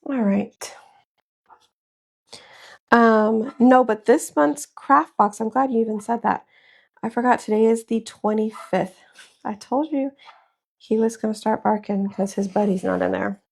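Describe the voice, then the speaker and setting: Thirties woman, home crafter, slow chatty stream talk, slightly breathy. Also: fairly high pitch, darkish tone. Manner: chatty, talks to viewers as y'all, scolds her dogs. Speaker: crafter and live seller. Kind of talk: casual livestream chat while crafting. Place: small room at home.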